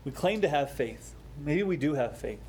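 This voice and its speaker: A man delivers an expository sermon in a slightly higher-pitched voice, building his points with rising emphasis before dropping into quiet, slowed reflections. Faint hiss sits under the recording. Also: animated. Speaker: pastor.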